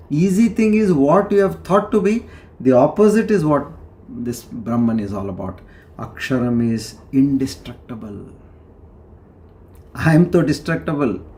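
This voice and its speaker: A man giving a devotional discourse on scripture, explaining slowly with pauses and sudden rises in pitch. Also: darkish tone. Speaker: spiritual teacher.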